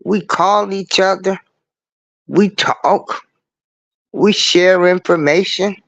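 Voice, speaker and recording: A man's voice: sits high, fairly even intonation, slow, gravelly, fairly bright tone. A man hosting a casual livestream show, talking earnestly and in a preachy way, repeating his points as he speaks into a computer mic.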